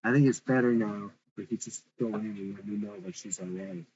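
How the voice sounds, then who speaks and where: Man reading a formal reserved doctor, low voice, dull lo-fi sound, faint hum. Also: fairly quick, a little mellow, close to an everyday voice. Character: reserved male doctor on the phone.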